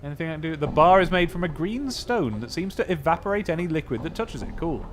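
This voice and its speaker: A man's voice: on the high side, lively intonation, fast talker. A man playing a role-playing game, reading its text aloud and thinking through his choices in a casual, musing way. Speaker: let's play host.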